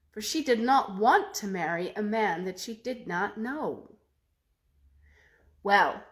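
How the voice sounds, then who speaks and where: A woman storyteller telling a folk tale aloud in an expressive way, with slow dramatic pauses. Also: on the high side.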